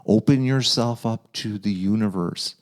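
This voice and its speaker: A man's voice: fairly low pitch, measured pace. A man hosting an advice podcast, talking in a playful, earnest and uplifting way. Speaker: podcast host giving advice. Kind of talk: casual advice podcast chat.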